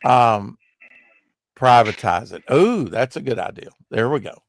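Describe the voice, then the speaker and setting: A man's voice: mid-range voice, expressive, measured pace, creaky, no room sound. A man hosting a casual livestream, rambling and joking while reading chat aloud, short on sleep. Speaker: livestream host.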